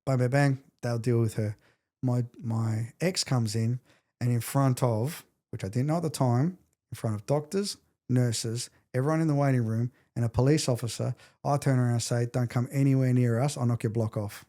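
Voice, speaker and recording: Intense man, mellow voice. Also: mid-range voice, normal speed. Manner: intense, animated retelling, acts out quotes. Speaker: podcast guest. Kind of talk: emotional storytelling.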